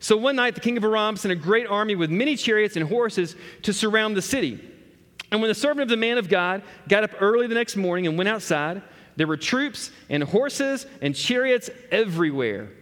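Guy preaching, kinda high voice, chatty storytelling, big echoey room. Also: animated, a little fast, fairly bright tone. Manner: storytelling, talking straight to the congregation. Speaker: pastor. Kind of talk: sermon. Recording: echoey hall.

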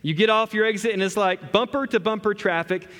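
A man's voice: sits high, brisk, fairly bright tone. A man preaching a sermon, telling a story and talking straight to the congregation. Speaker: pastor. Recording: echoey hall.

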